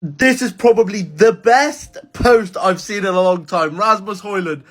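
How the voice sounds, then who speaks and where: A man's voice: high voice, unhurried, fairly bright tone. A man giving a casual, amused football reaction and laughing often.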